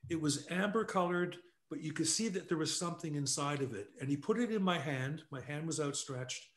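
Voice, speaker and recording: An older Canadian man with a slightly high voice is a guest casually telling anecdotes. He's animated and quick to laugh, acting out the quotes, and the room sounds echoey.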